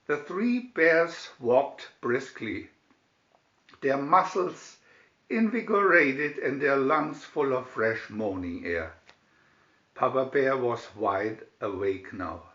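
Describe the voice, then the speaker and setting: A man reading a fairy tale aloud from a picture booklet, expressive storytelling with announced picture numbers. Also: mid-range voice, roomy sound, highs cut off. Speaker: storybook reader. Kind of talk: slow read-aloud fairy tale narration.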